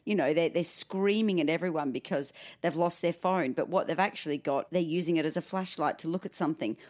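A woman co-hosting a podcast, telling expressive anecdotes in casual chat. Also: low-pitched, fairly quick. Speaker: podcast co-host.

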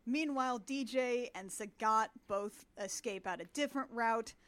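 A woman hosting a casual comedic podcast, recapping a film as an animated storyteller who laughs often. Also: on the high side, moderate pace.

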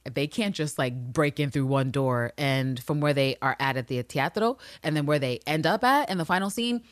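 A woman co-hosting a casual recap chat, animated and swearing freely as she acts out the characters' lines. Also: low-pitched, normal speed, no room sound, clean studio sound. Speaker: podcast co-host.

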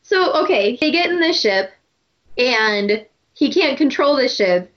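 A woman hosting a casual book club chat, animated and laughing often. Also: high voice, a little slow, muffled recording. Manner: animated, laughs often, acts out characters' lines. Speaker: podcast host.

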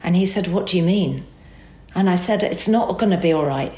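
A woman telling an emotional personal story as a guest, animated and acting out the dialogue. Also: lowish voice, a little fast, echoey room.

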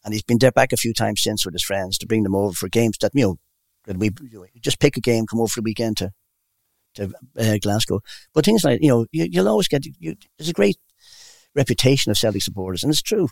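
A man's voice: fairly low pitch, expressive, fast talker, creaky, dry recording. An older man telling rambling personal stories in a casual interview. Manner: rambling, warm anecdotal storyteller. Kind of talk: casual storytelling.

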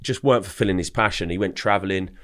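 A man's voice: deep voice, fast talker. A young man from England, telling a story in a casual, chatty way as a podcast guest, often repeating words as he starts his sentences. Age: young adult.

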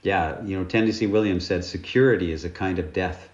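A man talking reflectively in casual conversation, halting with many fillers. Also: low voice. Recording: roomy, dull-sounding audio.

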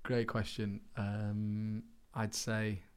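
A man's voice: lowish voice, monotone, very slow, clean tone. A man talking as a podcast guest in a casual interview, earnest and rambling, often restarting his sentences. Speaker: podcast guest, actor and racing driver.

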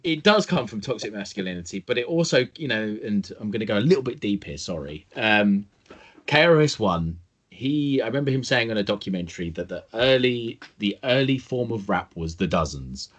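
A man co-hosting a podcast, rambling in casual chat, swearing and trailing off quietly at the ends of thoughts. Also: fairly low pitch, sing-song, a little fast. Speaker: podcast co-host.

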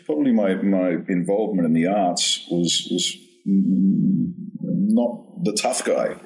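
Male actor, low voice, rambling storyteller with restarts, heard from a distance. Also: slow, creaky, a little mellow. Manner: rambling, repeats words and restarts, laughs at his own story. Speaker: actor guest. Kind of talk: storytelling anecdote in an interview. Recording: distant from the mic.

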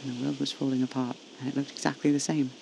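A man tells a horror story in the first person, hushed and intimate. His voice has a gravelly edge. His pitch barely moves, and faint noise sits under the recording. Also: flat delivery, fast, low-quality recording. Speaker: narrator.

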